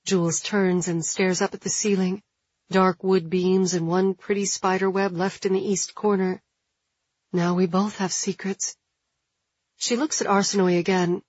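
A woman reading an audiobook in a measured, even narration. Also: medium pitch, dry recording. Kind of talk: scripted narration. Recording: dull, dry studio sound.

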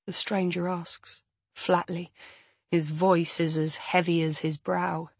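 A woman narrating a first-person audiobook at a measured, even pace. Her voice sits a little low and has a husky grain. The recording is dry and close with no room sound. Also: no room sound.

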